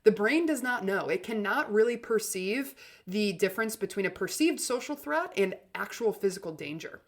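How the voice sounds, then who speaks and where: A woman with a mid-pitched voice hosts a motivational self-help podcast. Her delivery is upbeat and chatty, and she often says "like" and "literally" as she encourages listeners. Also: expressive, moderate pace. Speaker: podcast host and communication coach.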